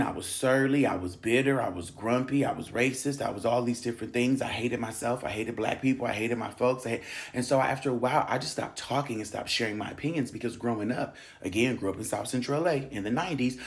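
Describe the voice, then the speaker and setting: A man in his thirties from Los Angeles gives an emphatic, candid personal monologue, often dropping to a whisper and laughing. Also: fairly low pitch. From South Central Los Angeles. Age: 30s. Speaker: spiritual channel host.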